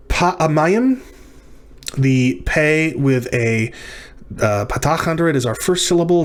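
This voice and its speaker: A man teaching a language lesson, working through practice words aloud, thinking as he goes and correcting himself. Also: mid-range voice. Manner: thinking aloud, self-correcting, sounding out syllables. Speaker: language instructor. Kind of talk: recorded lecture practice walkthrough.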